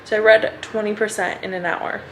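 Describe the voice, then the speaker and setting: A young woman vlogging about her reading in an easygoing, unscripted way. She gushes and rambles, stringing thoughts together with constant fillers. Her voice sits at an everyday middle pitch. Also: fairly even intonation, brisk, heavy background noise. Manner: gushing, rambling, many "like" fillers. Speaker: book vlogger. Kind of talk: casual reading vlog chat.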